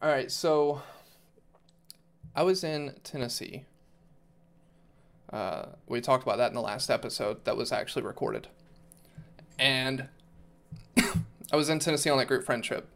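A man's voice: medium pitch, a little slow, vocal fry, pauses often, a bit bright. A young man on a casual podcast, telling loose, profane stories full of fillers. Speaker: podcast co-host. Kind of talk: casual chat.

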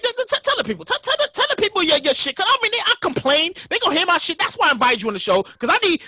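Loud animated high-voiced New man. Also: no room sound. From New York. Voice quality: animated, profane, laughing often. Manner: storytelling with loud mock reenactments. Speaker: podcast host. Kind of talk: casual podcast chat.

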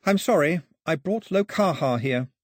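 A man pitches his voice above his natural register to play Daphne, an earnest young girl who is upset. His delivery is a little high and expressive at normal speed, recorded dry in a studio.

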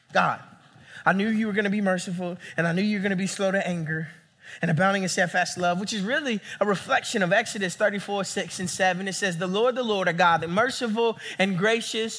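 A young man preaching a sermon as a campus pastor, animated and acting out the people he quotes. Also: high voice. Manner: animated, acts out quoted voices.

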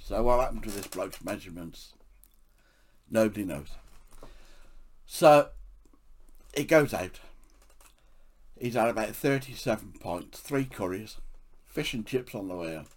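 A man's voice: lowish voice, animated, unhurried, long pauses. A man from England, telling funny anecdotes from his life for a podcast and often laughing at his own stories. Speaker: podcast storyteller. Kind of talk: anecdotal storytelling.

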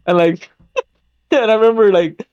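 A man's voice: high-pitched, unhurried, a little mellow, smooth, no room sound, dull audio. A young man hosting a podcast, telling a story in a rambling, casual way full of fillers and swearing. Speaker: podcast host. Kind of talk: casual chat.

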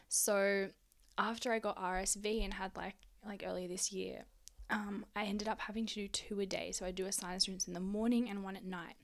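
A woman's voice: medium pitch, steady tone, moderate pace. A woman hosting a casual solo podcast, chatty and frank, swearing freely and out of breath. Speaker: podcast host.

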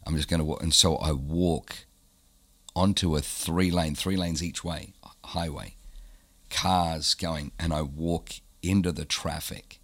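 A man being interviewed, telling a personal story in an animated way and repeating phrases for emphasis. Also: very deep voice, unhurried, slightly rough. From born in Germany, raised in Australia. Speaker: guest, pastor.

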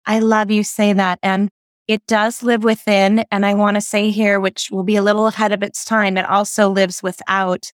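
A woman's voice: medium pitch, flat delivery, moderate pace, clear, resonant tone, no echo, studio quality. Woman teaching, rambling and self-correcting. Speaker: guest, intuition teacher. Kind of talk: conversational interview, explaining ideas.

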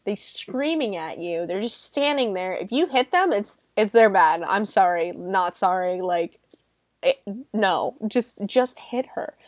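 A woman's voice: medium pitch, a little slow, dry recording, studio quality. Sarcastic, swearing woman podcast host. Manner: animated, sarcastic, swears freely; lots of "like" fillers. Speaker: podcast host reviewing a film. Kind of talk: casual chat.

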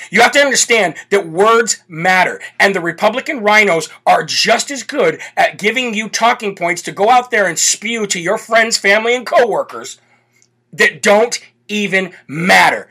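A brash male talk host rants with fired-up repetition. His voice sits high and sounds bright and sharp, with a husky, slightly raspy grain. He drives each point home again and again. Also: animated, normal speed. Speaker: political talk show host. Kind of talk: fired-up political commentary.

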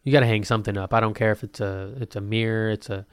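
A young man chatting casually to his viewers, loose and profane, joking around and slipping into quick put-on voices. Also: lowish voice, little pitch movement, smooth, dry recording, studio quality. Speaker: vlogger. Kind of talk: casual chat to camera.

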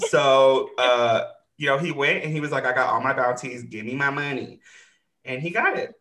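Recapping a show on his podcast, this man gets animated, curses freely and performs the characters' parts as he retells scenes. His mid-range voice moves at a moderate pace, and the recording is reverberant.

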